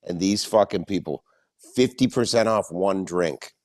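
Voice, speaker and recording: Low-voiced indignant comedian, a man. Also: measured pace, a little mellow, dry recording, studio quality. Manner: indignant, acts out quoted people. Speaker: guest comedian. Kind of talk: casual podcast chat.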